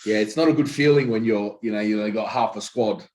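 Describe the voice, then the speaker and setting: A man's voice: fairly low pitch, quick pace, a little mellow. A man hosting a casual interview, prompting with questions and short backchannel replies. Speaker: interview host.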